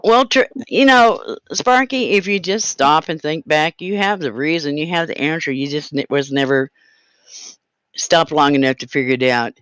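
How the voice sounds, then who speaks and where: A man's voice: fairly high pitch, moderate pace, a bit bright, clean tone, dry recording. Blunt middle-aged man, dry close sound. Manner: blunt, firm, swearing, quotes his own stern words. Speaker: co-host, parent of the other host. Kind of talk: casual chat, storytelling.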